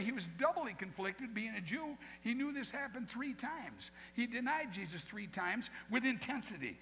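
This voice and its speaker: Animated pastor preaching in a reverberant church. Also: male voice, sits high, gravelly. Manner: animated, acts out quoted voices, folksy asides. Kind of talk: sermon. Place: church sanctuary. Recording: long hall reverb, faint noise.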